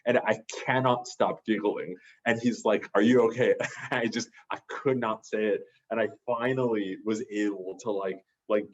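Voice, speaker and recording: A man's voice: on the low side, highs cut off. A man, a therapist, telling a personal story in a casual, rambling way with many restarts. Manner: rambling, full of restarts and fillers. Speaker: podcast guest, therapist.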